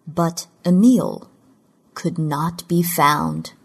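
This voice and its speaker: A woman reads fiction aloud in a measured, deliberate narration. Her voice sits on the low side with a husky grain, and she lets each sentence unfold slowly. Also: very animated. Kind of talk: scripted audiobook narration of fiction.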